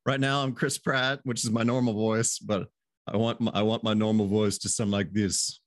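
A man's voice: lowish voice, level tone, moderate pace, no room sound, clean studio sound. A man hosting a casual podcast chat, easygoing, laughing often and restarting his phrases. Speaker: podcast host.

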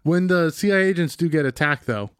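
A man's voice: on the high side, lively intonation, quick pace, smooth, no echo, studio quality. A man co-hosting a casual movie talk, joking and swearing as he retells scenes. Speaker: podcast co-host.

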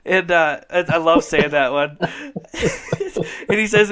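Chatty man with a smooth voice. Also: a little high, takes it slowly, long pauses, a bit bright. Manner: rambling, enthusiastic, laughs often. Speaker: podcast host. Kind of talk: casual chat.

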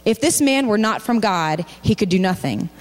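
A woman's voice: animated, normal speed, in a large hall. A woman giving a sermon at a church, reading scripture aloud and voicing the people in it. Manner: reads scripture aloud, acting out quoted voices with rising pitch. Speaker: speaker at a church. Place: large church hall.

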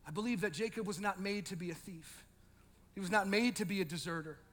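A male pastor preaching an animated sermon, swinging from loud shouting to quiet intensity, with joking asides to the congregation. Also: high-pitched, brisk, big-room sound.

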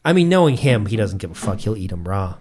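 A man's voice: lowish voice, fast. A young man from Massachusetts, co-hosting a podcast and telling stories casually with lots of swearing. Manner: profane, animated storytelling. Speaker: podcast co-host.

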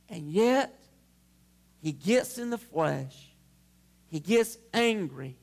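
A male pastor preaching a sermon to his congregation at a church service, impassioned and swelling to shouts. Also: high voice, very animated, extremely slow, vocal fry, long pauses.

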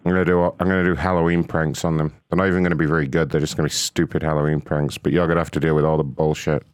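A man's voice: very deep voice, level tone, rapid-fire, smooth, no echo. A man hosting a prank call show, talking in crude, mocking, rambling banter. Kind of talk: casual profane banter.

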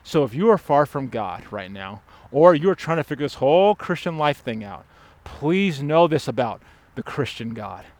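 A man preaching a sermon as pastor, emphatic and urgent, dropping to hushed stress on key words. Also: medium pitch, very animated, normal speed, no room sound. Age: adult father.

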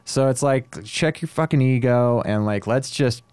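A man working as an audio engineer, chatting casually in a laid-back way, swearing often and getting animated when he quotes people. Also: mid-range voice, moderate pace, clean tone, no room sound. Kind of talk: casual chat.

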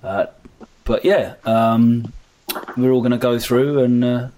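A young man hosting a casual podcast, relaxed and chatty with lots of filler words. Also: mid-range voice, takes it slowly. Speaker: podcast host.

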